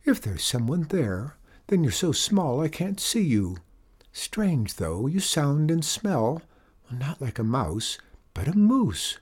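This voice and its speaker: A gentle, tearful young lady moose from a storybook, her voice lifted high and soft, as a man reading aloud puts her on. She pleads and wonders in a tender, hopeful tone. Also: big pitch swings, takes it slowly, slightly rough, exaggerated voice.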